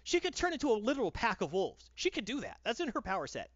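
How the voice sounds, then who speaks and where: A man's voice: high-pitched, wildly swooping pitch, fast, no echo. Sarcastic man ranting, dull lo-fi sound. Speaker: comic book reviewer. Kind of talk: casual podcast chat.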